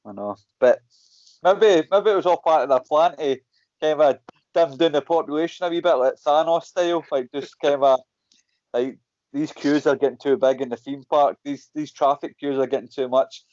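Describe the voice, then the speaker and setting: A man's voice: a little high, normal speed, dry recording, muffled recording. A Scottish man, a mixed martial arts fighter, chatting casually as a guest, telling stories with lots of swearing and acting out what people said. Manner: animated storytelling, frequent swearing, acts out quotes. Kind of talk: casual chat.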